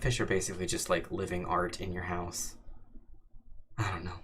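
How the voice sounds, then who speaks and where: Young man, livestream Q&A host, relaxed and rambling, low voice with lively swings. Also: breathy edge. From Arizona, US. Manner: laid-back, rambling, lots of "like" fillers. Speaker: audio drama creator hosting a live stream. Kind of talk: casual livestream Q&A, reading chat.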